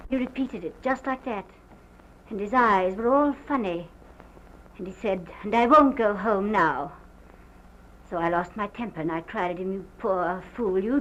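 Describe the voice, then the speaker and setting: An actress playing a distraught woman who haltingly recounts a violent night, in early sound-film acting on a muffled old film recording. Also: medium pitch, slight background noise, lightly acted. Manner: halting, hesitant, breaks off.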